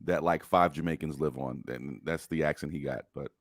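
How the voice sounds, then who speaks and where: Deep-voiced man rambling in casual chat. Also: moderate pace, dry recording, clean studio sound. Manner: rambling, searches for words, laughs often. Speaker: co-host.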